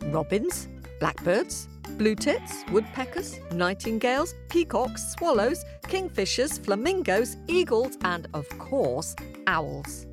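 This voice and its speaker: A woman hosting a children's podcast, reading announcements and greeting kids in an upbeat, friendly way. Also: mid-range voice. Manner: bright, upbeat, kid-friendly. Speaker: podcast host. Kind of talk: scripted announcement.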